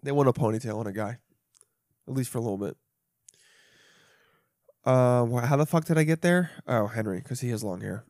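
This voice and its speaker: A man's voice: medium pitch, brisk, long pauses, darkish tone, dry recording, clean studio sound. A young man hosting a solo podcast, rambling and swearing freely, with self-mocking asides. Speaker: podcast host. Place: home.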